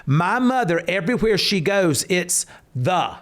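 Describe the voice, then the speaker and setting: A man's voice: sits high, measured pace. A man, co-hosting a casual podcast and telling stories animatedly. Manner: animated, rises to hollering when telling stories. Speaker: podcast co-host. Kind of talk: casual storytelling chat.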